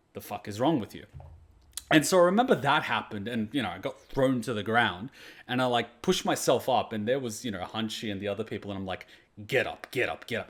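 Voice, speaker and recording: A man, casually telling a story in an animated way, swearing freely and dropping lots of fillers. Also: medium pitch. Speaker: reaction channel host.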